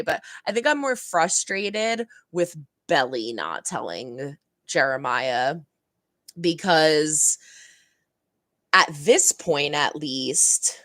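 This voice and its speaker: A woman's voice: low voice, pushed and bright, no room sound, studio quality. A young woman hosting a reaction channel, chatting casually and rambling about a TV episode, laughing often and acting out heated lines.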